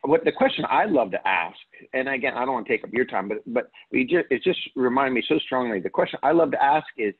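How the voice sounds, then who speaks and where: A man's voice: medium pitch, brisk. A man hosting a faith talk, rambling and hesitant, restarting his sentences often. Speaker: host. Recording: husky voice over a phone line.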